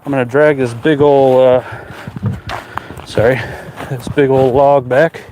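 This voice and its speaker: A man's voice: medium pitch, fairly even intonation, measured pace, noisy background. A man chatting casually to his livestream viewers while working outdoors in a yard, filmed by a camera on a tripod, apologetic and self-deprecating in his asides. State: out of breath from hauling a heavy log. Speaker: outdoor crafts streamer.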